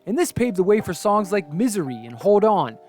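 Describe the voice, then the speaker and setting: A man narrates a scripted music history in a high, bright-edged voice that swings up and down with energy. Soft lofi music plays underneath. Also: very animated, brisk. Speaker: video essay narrator.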